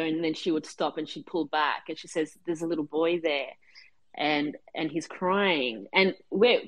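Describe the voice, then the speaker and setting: A low-pitched woman tells personal stories to others on a group call. Her speech is hesitant and full of ums and restarts. The sound is dry and close. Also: no room sound, rough recording. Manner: hesitant, many fillers and restarts. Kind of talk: casual personal sharing.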